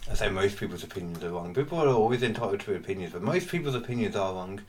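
A man co-hosting a casual podcast, rambling with pauses and restarts. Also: on the low side, lively intonation, distant mic. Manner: rambling, many fillers and restarts. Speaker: podcast co-host. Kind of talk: casual chat.

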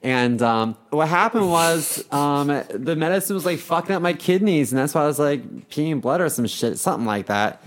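A man's voice: fairly high pitch, lively intonation, moderate pace, hardly any pauses. A young man co-hosting a podcast, telling candid, rambling stories in casual chat with lots of fillers. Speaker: podcast co-host.

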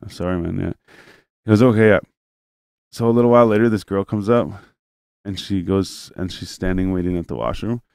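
A man's voice: low-pitched, brisk, gravelly, darkish tone, clear, resonant tone, no room sound. A man in casual chat, telling a long story with lots of fillers, swearing, and acted-out lines from other people. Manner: rambling, heavy on fillers and swearing.

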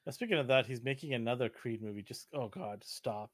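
Male podcast co-host, mid-pitched, opinionated casual talk, dry close sound. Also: a little fast, no echo. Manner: opinionated, argues his point. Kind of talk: casual chat.

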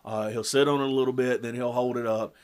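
A man's voice: mid-range voice, fast talker. A middle-aged man chatting casually as a podcast co-host, telling home stories and acting out the dialogue. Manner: animated, acts out quoted dialogue. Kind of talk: casual storytelling chat.

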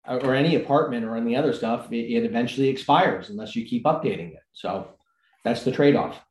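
A man who works as a building contractor, talking in a measured, halting way with a dry sarcastic streak. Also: mid-range voice, darkish tone, roomy sound, low-quality recording. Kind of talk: casual panel conversation.

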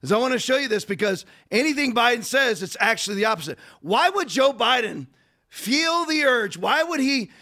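A man hosting a podcast, giving fast, digressive political commentary full of rhetorical questions. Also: very high-pitched, big pitch swings, pushed and bright. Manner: rapid, digressive, rhetorical ranting. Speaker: podcast host.

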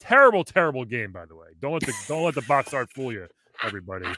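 A man's voice: medium pitch, very animated, quick pace, sharp tone, slight background noise. A man hosting a show, chatting casually and playfully, laughing often and joking crudely. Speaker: show host. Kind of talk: casual chat.

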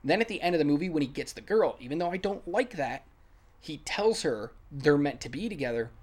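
A podcast co-host chatting casually about a film, laughing often and rambling excitedly. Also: mid-range voice, brisk. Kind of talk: casual film-review chat.

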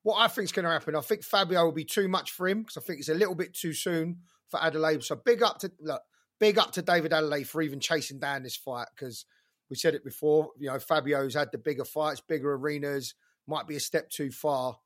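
Higher-voiced man talking boxing. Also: a little fast, fairly bright tone. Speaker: boxing pundit. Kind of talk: casual chat.

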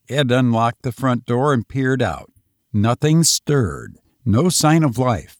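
A man reading a story aloud as narrator, in a measured, dramatic storytelling manner. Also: mid-range voice, lively intonation, dry recording, clean studio sound. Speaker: audiobook reader. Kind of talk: scripted narration.

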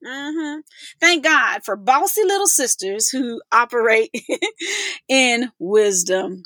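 A woman's voice: on the high side, very animated, slow, bright, forceful tone, no room sound. A woman hosting a podcast, talking effusively, laughing often and calling her listeners y'all. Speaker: podcast host. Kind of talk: casual podcast chat.

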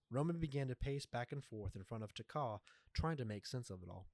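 A man reading a story aloud in a measured, even way. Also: medium pitch, no echo. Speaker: narrator. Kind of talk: scripted story narration.

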